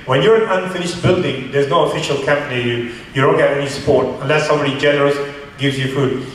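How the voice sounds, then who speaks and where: A man, a charity founder, recounting a story in a radio interview in an earnest, halting way with many restarts. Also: on the high side. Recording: echoey room, far from mic, faint hiss.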